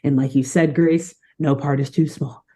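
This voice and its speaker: Co-hosting a podcast at normal speed, a young woman with a deep voice retells the plot of a cartoon. It's a casual chat, and her storytelling is animated and full of frequent laughter.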